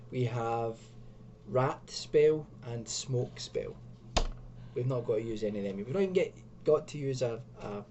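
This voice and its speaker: A man reads a choose-your-own-adventure gamebook aloud and chats between passages, poking fun at himself. His tone is mellow and dark. The recording is dull, with a faint hum underneath. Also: mid-range voice. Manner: chatty, self-mocking asides. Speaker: video host. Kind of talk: reading and commenting on an adventure gamebook.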